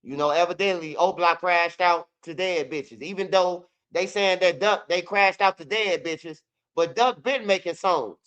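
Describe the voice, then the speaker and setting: Talking a little slowly, a high-pitched man with a fairly bright, clean tone comes through on dull audio. He's a commentary channel host whose street news takes are loose, blunt, and profane, with repeats and mocking rap impressions.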